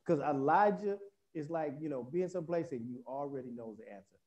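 A man's voice: medium pitch, dark tone. A man preaching a sermon, reading scripture and explaining it in a conversational, folksy way. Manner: conversational, folksy asides, restarts while explaining.

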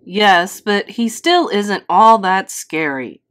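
A woman voicing a stern, proud monster father in a storybook, speaking in a slow, booming, theatrical way. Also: expressive, fairly bright tone.

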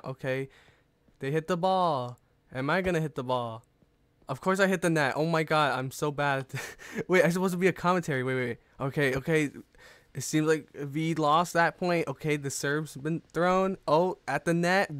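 A man giving casual, rambling commentary over his own gameplay, excitable and quick to mock his own mistakes. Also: fairly high pitch, dry recording. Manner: excitable, self-mocking, rambling. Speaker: gaming YouTuber.

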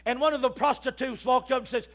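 A man preaching a sermon, telling stories and rising to shouts as he calls the congregation to respond. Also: very high-pitched, fairly even intonation, fast talker. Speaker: pastor. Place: church.

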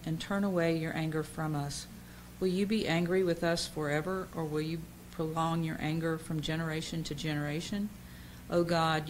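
A woman with a very low voice reads psalms in a steady liturgical way. A faint hiss sits under the church recording. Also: poor audio. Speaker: reader.

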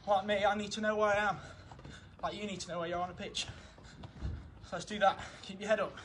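A fast-talking young coach with a high voice runs football drills in an outdoor garden, breathless as he goes. He offers constant encouragement and counts down each drill, with faint outdoor hum picked up by the camera mic.

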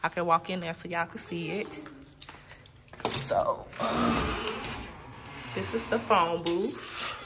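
A woman's voice: fairly low pitch, takes it slowly, long pauses, heavy background noise. A tired, emotional woman vlogger giving a casual tour of her new apartment, talking straight to her viewers while holding a phone camera. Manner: chatty, keeps addressing viewers as y'all. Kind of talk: casual home tour vlog. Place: new apartment and building common areas, indoors.

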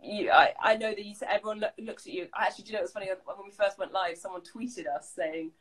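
A woman, a guest in an interview, talking in a lively, chatty way with many restarts and acted-out quotes. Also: medium pitch, fast, low-quality recording. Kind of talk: casual interview chat.

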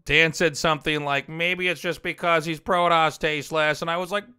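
Laughing man, crisp bright voice. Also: a little high, measured pace, no room sound, studio quality. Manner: laughs often, amused asides, swears. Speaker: streamer reviewing fan drawings. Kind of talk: casual stream commentary. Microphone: headset.

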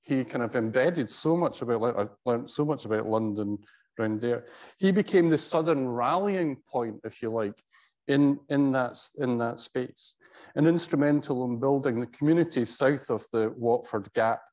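Middle-aged male professor, mid-pitched, halting and wry tribute speaker. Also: darkish tone. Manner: conversational, halting with frequent restarts; wry storytelling. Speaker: professor giving a tribute talk. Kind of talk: anecdotal tribute speech.

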